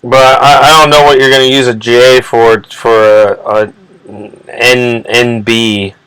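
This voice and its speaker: A man's voice: mid-range voice, level tone, slow pace, fairly bright tone, clear, resonant tone, dry recording, rough recording. A man hosting his own channel, ranting in an agitated, indignant way, swearing often and restarting his sentences again and again. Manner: profane, rambling, many restarts and repeated words. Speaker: channel host. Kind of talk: ranting commentary video.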